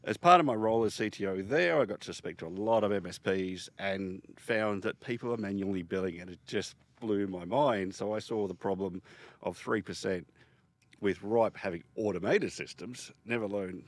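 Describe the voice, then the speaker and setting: Middle-aged male guest, low voice, dry close sound, animated and emphatic. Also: moderate pace, dry recording. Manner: animated, emphatic storytelling with many restarts. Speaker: podcast guest, software founder. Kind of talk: casual interview talk.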